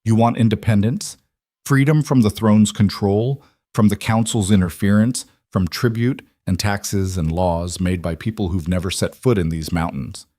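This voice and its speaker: A man's voice: on the low side, normal speed, dark tone, no echo, studio quality, natural voice. A man voicing a defiant young female wolf-shifter leader in an audiobook, level and firm. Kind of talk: audiobook character reading.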